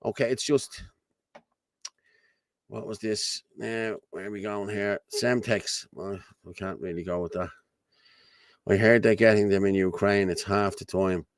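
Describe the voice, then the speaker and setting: A man's voice: fairly low pitch, steady tone, a little slow, long pauses, no room sound, studio quality. An Irish man hosting an online commentary show, talking bluntly and rambling, repeating his points. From Ireland. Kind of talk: casual ranting commentary to camera.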